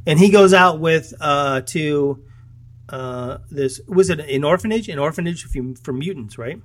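A man's voice: fairly high pitch, a little slow. A man in casual chat, retelling a film's plot in a rambling way with many fillers, restarts and chuckles. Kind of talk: casual movie recap chat.

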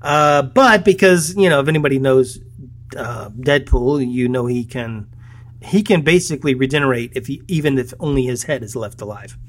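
A man's voice: medium pitch, normal speed. Rambling, chuckly man recapping a movie. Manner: rambling, many fillers and restarts, chuckling. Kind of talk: casual movie recap chat.

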